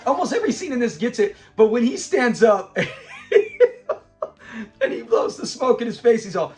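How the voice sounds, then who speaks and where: High-voiced man laughing through a sitcom review. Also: normal speed, soft background music. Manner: animated, laughs often, acts out lines while retelling scenes. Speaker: show reviewer. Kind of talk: casual episode review.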